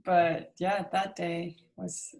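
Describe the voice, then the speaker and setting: A woman's voice: fairly low pitch, little pitch movement, slow, creaky, a little mellow. Laughing woman musician, casual chat. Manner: laughs often, hesitant fillers. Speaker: musician guest.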